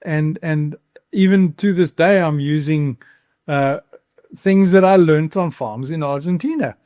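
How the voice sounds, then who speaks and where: A man's voice: on the high side, unhurried, darkish tone, no room sound, clean studio sound. A man in his sixties with a South African accent, a farmer telling his story earnestly in an interview, with the odd repeated word and a catch of emotion. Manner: earnest, emotional, repeats words when moved. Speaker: farmer guest.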